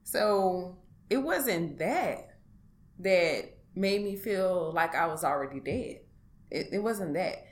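A woman's voice: fairly low pitch, lively intonation. Hesitant woman telling her story. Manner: halting, hesitant, with many pauses and restarts. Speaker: interview guest. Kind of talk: personal account in an interview.

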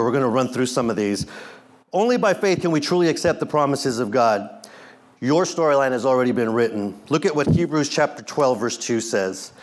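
A middle-aged man, a pastor, preaching a sermon in an animated way, acting out quotes and joking with the congregation. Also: mid-range voice, slight background noise.

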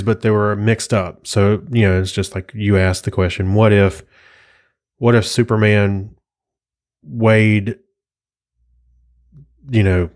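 A man's voice: lowish voice, darkish tone. A man hosting a casual solo podcast, rambling and chuckling as he flips through an old comic and reads captions aloud. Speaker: podcast host.

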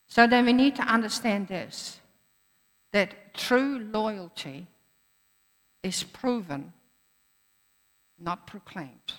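A woman's voice: fairly low pitch, fairly bright tone. A woman preacher giving a sermon in an earnest manner, repeating phrases for emphasis. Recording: echoey hall.

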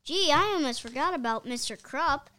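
A woman reading aloud as a playful young schoolboy, excitable. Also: high-pitched, normal speed, pitched above the performer's own voice.

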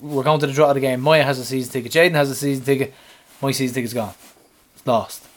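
A man, co-hosting a podcast and animatedly retelling his week, swearing and shouting out the lines he quotes. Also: mid-range voice, steady tone, fast talker. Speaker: podcast co-host. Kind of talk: casual storytelling chat.

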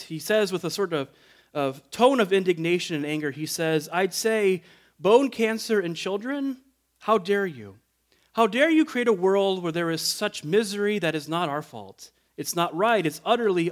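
A male pastor delivers a sermon in an earnest, reflective way, with a voice that sits a little higher than most men's. His phrases tend to rise, then fade off quietly at the ends. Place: church sanctuary.

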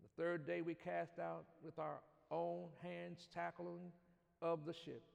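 A man preaching a sermon in a church, reading scripture and calling on the congregation to answer back, building to loud shouts. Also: on the high side, flat delivery, takes it slowly, gravelly. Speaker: pastor. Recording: long hall reverb.

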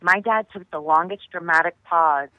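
A woman guest on a radio show, telling stories in an animated way and acting out the quotes with laughter. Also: lowish voice, moderate pace, no room sound, narrow, tinny audio. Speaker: guest actress. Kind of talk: casual radio interview chat.

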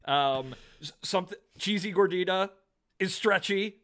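A man's voice: sits high, measured pace, a bit bright. A man co-hosting a podcast, recapping a comic book with jokey asides in casual chat. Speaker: podcast co-host.

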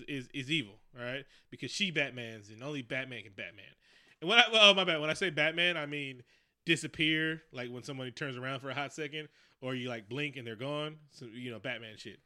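A man casually recapping a movie with a co-host, talking in an animated, profane, jokey way. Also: fairly high pitch, clear, resonant tone. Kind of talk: casual chat.

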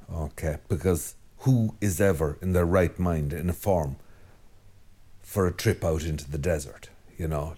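An Irish priest giving a Sunday homily in a conversational, digressive way, repeating phrases for emphasis. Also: male voice, deep voice, darkish tone, breathy edge.

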